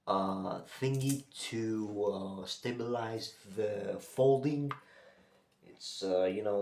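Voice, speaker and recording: Male tutorial host, unhurried and halting, explaining steps casually; roomy, echoey recording. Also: medium pitch, a little mellow, slight background noise. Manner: halting, repeats himself while showing steps. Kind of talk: casual how-to demonstration. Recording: echoey room.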